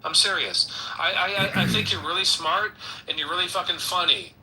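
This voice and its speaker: A man's voice: sits high, brisk, noisy background. A man in casual chat on an audio chat room, swearing a lot and stammering through repeated words, emotional and tearful. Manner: profane, stammering repetitions, emotional.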